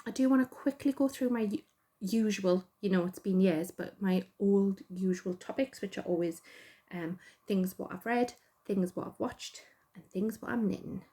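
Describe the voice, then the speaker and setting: Warm in tone, with medium pitch and a moderate pace, a middle-aged Geordie woman hosts a podcast. She keeps the chat casual and rambling, self-deprecating and packed with filler words.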